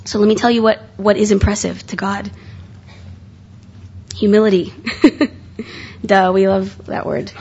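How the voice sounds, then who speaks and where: A woman's voice: medium pitch, level tone, a little slow, vocal fry, long pauses, darkish tone, husky. A young woman preaching at a conference session in a casual, chatty way, with many fillers and restarts. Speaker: conference speaker. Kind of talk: sermon. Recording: muffled lo-fi live recording.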